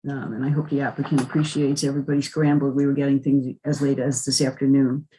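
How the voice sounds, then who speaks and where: A woman's voice: very deep voice, flat delivery, quick pace, dark tone, slight background noise, rough recording. A woman chairing a planning board meeting in a chatty way, with frequent chuckles and fillers. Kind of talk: meeting chat.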